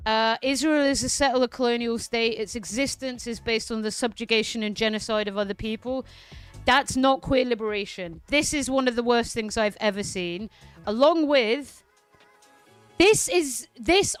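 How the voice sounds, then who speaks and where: A woman's voice: on the high side, moderate pace, smooth, no echo, faint music behind. Fiery, foul-mouthed woman streamer. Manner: profane, heated, ranting. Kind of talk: casual political commentary stream.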